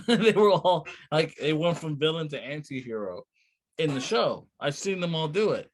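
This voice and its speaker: A man co-hosting a casual movie chat, relaxed and a bit hesitant, using many fillers. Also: a little high, normal speed, slight background noise. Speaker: podcast co-host.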